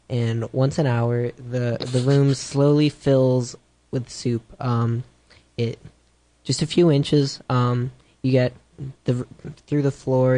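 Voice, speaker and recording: A man co-hosting a podcast, explaining a silly scenario haltingly with many ums. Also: medium pitch, mellow. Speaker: podcast co-host posing a question. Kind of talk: casual chat.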